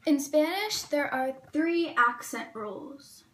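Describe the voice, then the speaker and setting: Woman, high pitch, clear lesson explainer, slows on examples. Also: animated, fairly bright tone. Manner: careful, slows down on example words.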